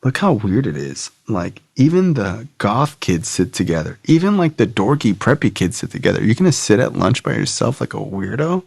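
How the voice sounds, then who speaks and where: A man putting on the voice of a pushy, insistent woman high school teacher. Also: sing-song, moderate pace, vocal fry, hardly any pauses, a little mellow, slightly rough, dry recording, full character voice.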